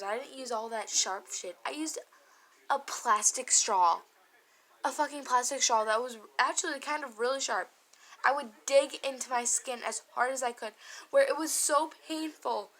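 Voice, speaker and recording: A woman's voice: fairly high pitch, a bit bright, rough recording. A woman vlogger telling a personal story in a confessional, emotional way, candid and often swearing.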